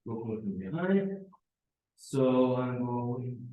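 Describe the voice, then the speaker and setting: A man, teaching self-defense drills to camera in slow, halting instruction. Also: mid-range voice, animated, dark tone. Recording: very echoey training room.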